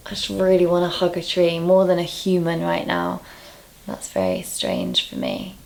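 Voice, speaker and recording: A young woman from England talking casually to camera in a vlog, candid and quick to laugh at herself, a little out of breath. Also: on the low side, very animated, creaky, a little mellow. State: out of breath, low on energy. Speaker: vlogger.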